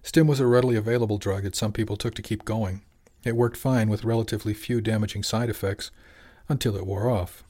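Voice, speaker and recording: A man narrating a serialized audiobook in a steady, even storytelling manner. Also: mid-range voice. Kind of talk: scripted narration.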